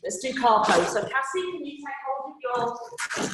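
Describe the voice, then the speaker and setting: A woman's voice: high voice, big pitch swings, normal speed, background noise. A woman leading a live children's yoga class, giving playful, encouraging step-by-step cues. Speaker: kids yoga teacher. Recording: very echoey room.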